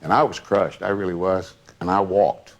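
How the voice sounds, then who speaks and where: A man's voice: low voice, little pitch movement, normal speed. Older man telling a long anecdote. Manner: rambling anecdotes with many asides. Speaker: longtime associate recounting memories. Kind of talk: casual storytelling.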